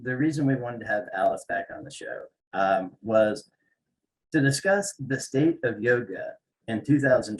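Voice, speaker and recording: A man hosting a casual interview podcast, teasing his guest with deadpan jokes. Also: medium pitch, poor audio. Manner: joking, teasing, deadpan asides. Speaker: podcast host.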